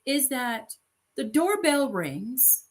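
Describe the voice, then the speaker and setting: An American woman co-hosting a podcast in casual chat, animated and acting out little voices. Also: high-pitched, extremely slow. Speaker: podcast co-host.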